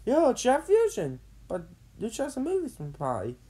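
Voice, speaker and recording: A woman voicing an excited boy genius hero in a read-along storybook, speaking eagerly. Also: fairly high pitch, measured pace, slightly rough, pitched above the performer's own voice, heavily acted. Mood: curious.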